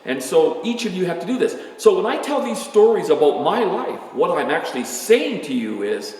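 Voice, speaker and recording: An older man in his sixties speaks to students in a candid, rambling, self-deprecating way, his voice rising and falling with lively swings. He sounds somewhat high for a man and is picked up from a distance in a large room that echoes strongly with a long, trailing reverb. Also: moderate pace. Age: 60s. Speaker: astronomer giving a talk. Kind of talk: informal talk to students. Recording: echoey hall from far off.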